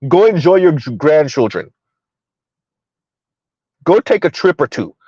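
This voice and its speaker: A man's voice: a little high, big pitch swings, a little slow, darkish tone, breathy edge, dry recording, highs cut off. A man hosting a ranting commentary video, heated and repetitive, firing rhetorical questions at his viewers. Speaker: commentary channel host.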